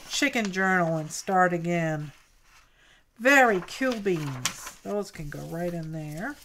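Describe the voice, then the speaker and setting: Opening mail on her craft livestream, a slightly tired woman chats easily, coos over each item, and calls out viewers by name. She has a mid-range voice, and there's slight background noise.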